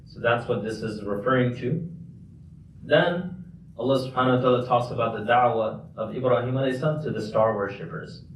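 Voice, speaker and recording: Man, mufti's lesson, relaxed explaining, roomy hall echo, mic set back from him. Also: medium pitch, fairly quick. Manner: conversational and explanatory, with filler restarts. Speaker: mufti teaching a class. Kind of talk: casual Quran lesson. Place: large mosque hall. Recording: echoey hall, distant mic, faint noise.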